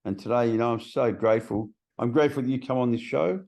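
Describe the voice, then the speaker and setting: A man's voice: medium pitch, fast talker, creaky, darkish tone. Blunt Australian man telling his story. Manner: blunt, swears freely, acts out quoted voices. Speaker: guest in recovery. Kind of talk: casual storytelling chat. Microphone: video call.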